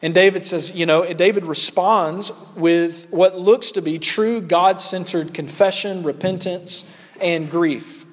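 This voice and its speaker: Earnest and deliberate, this man preaches as pastor, his intonation fairly even while he stretches key phrases to give them weight. For a man his pitch is somewhat high. The audio carries the long ring of a big hall, such as a church sanctuary.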